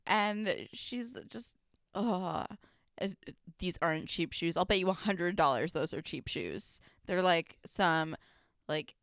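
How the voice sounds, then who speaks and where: A woman's voice: fairly low pitch, takes it slowly, creaky, fairly bright tone, no room sound, clean studio sound. A woman co-hosting a podcast, ranting in exasperation while recapping an episode. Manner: exasperated ranting, lots of fillers. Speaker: podcast co-host. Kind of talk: casual recap chat.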